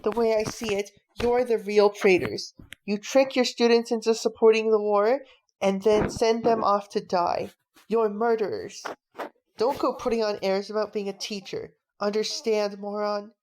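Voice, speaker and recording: A woman reading a storybook aloud, voicing a stern, tough father who talks bluntly and gruffly. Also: medium pitch, a little mellow, close to an everyday voice, poor audio.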